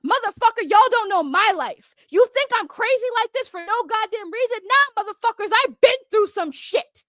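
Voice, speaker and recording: A woman with a very high-pitched voice rants into a close, dry mic. She is profane and confrontational, hammering her points home by repeating them. The delivery is a heated vlog rant. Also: expressive, moderate pace, hardly any pauses, a bit bright, dry recording. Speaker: online commentator.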